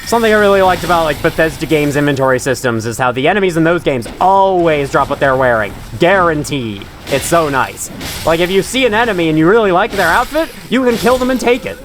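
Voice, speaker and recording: A man's voice: fairly high pitch, expressive, fast, slight background noise. A man giving rambling, chatty gameplay commentary, laughing often and talking to enemies on screen. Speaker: gaming channel host.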